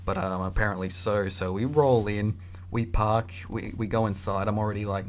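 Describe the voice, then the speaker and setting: A young man telling a casual story in an animated, slangy way. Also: lowish voice, normal speed, a little hiss or hum. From Australia. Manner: animated, slangy, acts out voices.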